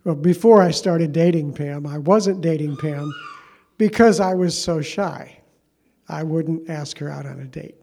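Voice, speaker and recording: A man's voice: on the high side, unhurried, creaky, dark tone. A man preaching a sermon as pastor, telling a story in a conversational, self-deprecating way.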